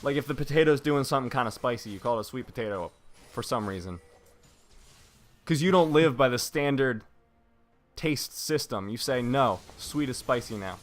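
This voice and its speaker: A man casting a live video game match, joking around between plays and then calling the action excitedly. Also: medium pitch, moderate pace, pauses often. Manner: jokey, rambling banter that rises into excited play-by-play. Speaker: esports caster.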